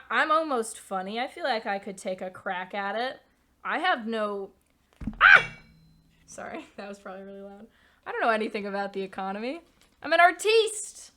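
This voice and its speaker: A woman in her twenties chatting casually on a stream, rambling through stories and swearing freely. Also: medium pitch. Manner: rambling, swearing, animated storytelling. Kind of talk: casual chat.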